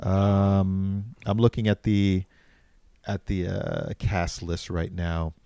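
A man's voice: low voice, flat delivery, slow, mellow, clean tone, dry recording. A man chatting casually about a movie, hesitant at times and acting out characters' lines. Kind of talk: casual movie review chat.

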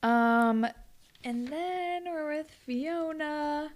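A woman co-hosting a casual recap chat, animated, laughing often and swearing freely. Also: high-pitched, drawn-out words, background noise. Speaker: podcast co-host.

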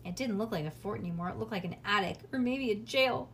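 A woman reading a children's storybook aloud in a casual, lively way with small slips. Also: medium pitch, fast, slight background noise. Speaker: reader.

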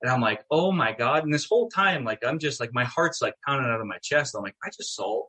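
Casting note: middle-aged man, bright husky voice, lively storyteller who swears freely. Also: mid-range voice, fast. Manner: animated, swearing, acts out quotes. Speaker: guest, town mayor. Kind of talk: casual storytelling.

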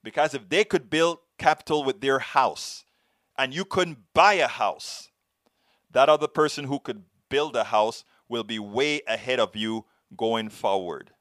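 A man with a foreign accent hosting a show, telling a story in earnest, halting commentary. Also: mid-range voice, a bit bright, no room sound, studio quality. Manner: earnest, halting, many restarts. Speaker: show host answering viewer questions.

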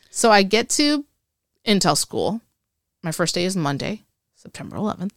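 Woman in her forties, lively storyteller, creaky voice, dry close sound. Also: mid-range voice, fairly quick, dry recording. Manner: animated storyteller who acts out remembered dialogue. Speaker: interview guest, Air Force veteran. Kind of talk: casual storytelling interview.

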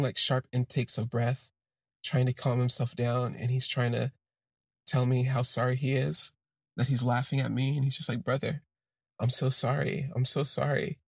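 A man telling a personal story in an expressive, self-deprecating way, drifting into asides. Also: medium pitch, gravelly, breathy edge, no echo, studio quality. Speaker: podcast storyteller.

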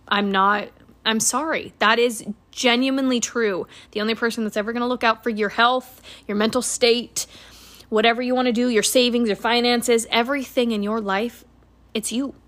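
A woman's voice: a little high, fairly even intonation, normal speed, a bit bright. Woman, late twenties, podcast host, blunt, swears a lot, earnest motivational monologue. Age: 20s. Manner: blunt, swears freely, earnest pep talk.

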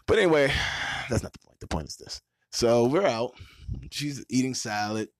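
Male podcast host, casual storyteller, swings his pitch a lot, laughs often, dry close sound. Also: lively intonation, moderate pace, no room sound.

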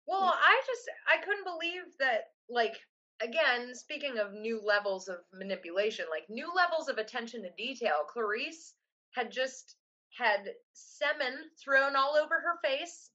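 A woman co-hosting a casual chat, retelling scenes in an animated, joking way. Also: a little high, unhurried, muffled recording.

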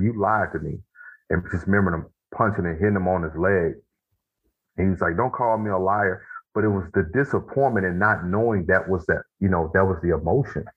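A man guest and author telling his story in earnest, casual conversation, slowing down to stress his points. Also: low-pitched, husky. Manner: earnest storytelling, slows for emphasis. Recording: phone-like narrow band.

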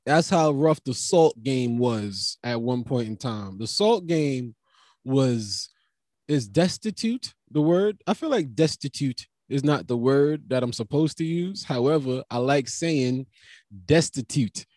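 Slow-talking man riffing on tangents. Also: dry recording, clean studio sound. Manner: profane, rambling, full of tangents and restarts; bursts into animated high-pitched riffs. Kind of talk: rambling comic monologue.

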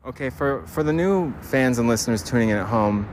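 A man's voice: mid-range voice, lively intonation, brisk, a little hiss or hum. A man talking on his own podcast while walking outdoors, ranting bluntly and swearing casually as he rambles. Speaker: podcast host. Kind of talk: rambling solo podcast monologue.

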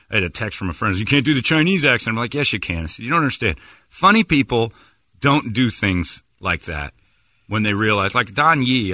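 Lively, bright-voiced male radio host. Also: on the low side, no echo. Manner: rambling, teasing and provocative. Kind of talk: joking studio banter.

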